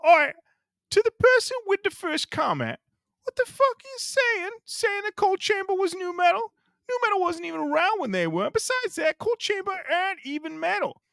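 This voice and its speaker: A man's voice: big pitch swings, moderate pace, creaky, no echo, heavily acted. Man putting on an irate British metal fan. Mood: furious. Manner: shouty, high and strained, accent slipping.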